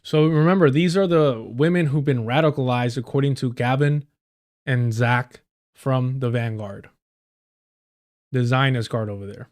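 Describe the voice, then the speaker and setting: A man's voice: mid-range voice, steady tone, a little slow, darkish tone. Sarcastic, swearing man streamer. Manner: sarcastic, profane, ranting. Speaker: political streamer. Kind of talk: live stream reaction commentary. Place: indoor room.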